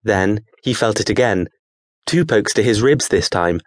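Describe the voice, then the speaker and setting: A man narrates an audiobook in a measured, steady storytelling style. His pitch is fairly low, and the recording is dry with clean studio sound.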